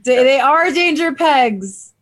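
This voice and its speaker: A woman's voice: sits high, animated, takes it slowly, a crowd in the background. A woman playing a tabletop game, reacting with jokes and laughter. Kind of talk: casual game chat.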